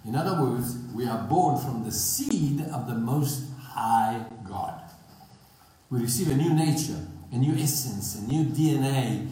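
A South African man delivers an emphatic sermon at a medium pitch, often restarting his phrases and laughing briefly. His voice rings through a very echoey room. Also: animated, unhurried, warm tone. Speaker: preacher.

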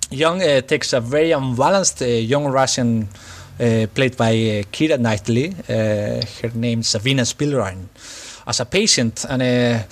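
A man hosting a casual film podcast who pauses often with fillers. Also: mid-range voice. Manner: hesitant, lots of uh fillers. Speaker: podcast host.

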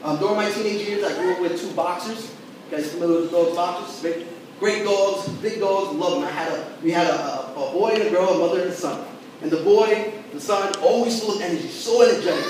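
Male pastor, high voice, lively conversational sermon, echoey hall, faint room noise. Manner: animated, conversational preaching with asides to the congregation. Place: church sanctuary. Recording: echoey church hall, mic at a distance.

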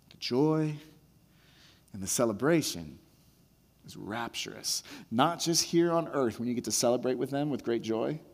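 As a pastor delivering a sermon, a man with a mid-range voice speaks conversationally, repeating words and building excitement while he retells a scene. A long reverb tail trails his speech.

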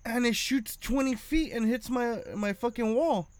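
A man's voice: very high voice, unhurried, no room sound. A man telling stories in casual chat, swearing freely and acting out the people in them. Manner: profane animated storytelling.

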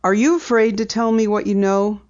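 A woman reader voicing a gruff middle-aged male newspaper editor who asks brisk, pointed questions. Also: fairly low pitch, darkish tone, highs cut off, lightly acted. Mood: probing.

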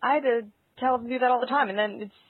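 A woman co-hosting a casual podcast chat, animated and opinionated. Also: fairly high pitch, very fast, no room sound. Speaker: podcast co-host. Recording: dry, tinny phone-like sound.

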